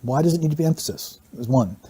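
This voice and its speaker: A man's voice: fairly high pitch, lively intonation, fast talker, warm tone, slightly rough. A man teaching statement analysis, methodically walking through an interview clip and repeating key phrases for emphasis. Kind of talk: explanatory analysis of interview clips.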